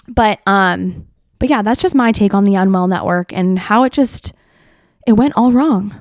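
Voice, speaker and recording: A woman's voice: mid-range voice, a little slow, darkish tone, no echo. Twenties woman, solo podcast host, casual and filler-heavy, wry asides, dry close sound.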